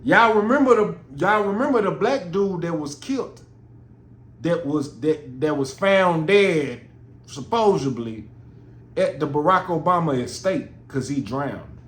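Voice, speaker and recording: A man's voice: on the high side, expressive, a little slow. A man hosting a podcast, talking in a casual, rambling and profane monologue in a roomy recording. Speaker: podcast host. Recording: roomy with faint noise.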